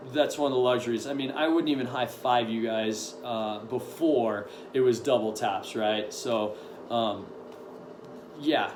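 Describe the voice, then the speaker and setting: A man coaching at a gym, giving a casual, upbeat update and workout briefing with lots of ums. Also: medium pitch. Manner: upbeat, rambling with many ums. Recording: echoey room with faint noise.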